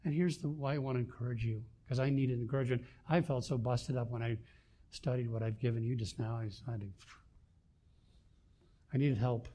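An older man preaching a sermon, swinging between loud emphasis and quiet asides. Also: medium pitch, fairly even intonation, a little fast. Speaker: pastor.

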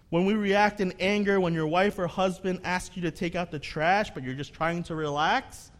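A male pastor preaching a sermon, moving between emphatic peaks and soft, reasoning passages. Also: high-pitched, normal speed, hardly any pauses. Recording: long hall reverb.

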